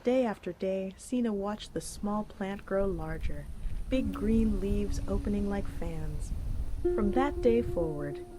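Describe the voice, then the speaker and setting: A woman narrating a folk tale in a gentle, clear storybook style. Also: mid-range voice, animated, takes it slowly, background noise. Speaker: narrator and cooking host. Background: music.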